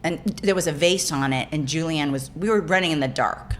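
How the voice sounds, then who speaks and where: A woman's voice: sits low, a little fast, slight background noise. A woman actor, a guest in a casual interview, telling rambling stories with frequent restarts and laughs. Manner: rambling, self-correcting, laughing storyteller.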